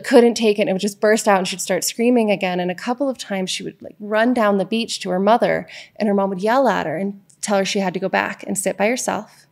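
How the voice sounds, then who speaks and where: Earnest woman coach with a gravelly edge. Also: medium pitch, a little mellow. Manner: earnest, storytelling, frequent "right?" check-ins. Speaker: divorce coach. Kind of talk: reflective monologue to camera.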